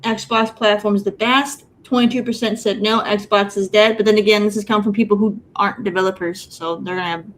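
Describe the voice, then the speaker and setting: A woman's voice: mid-range voice, steady tone, fairly quick, hardly any pauses, slight background noise. A woman co-hosting a casual live-stream show, making dry jokes and reading out poll results. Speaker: co-host.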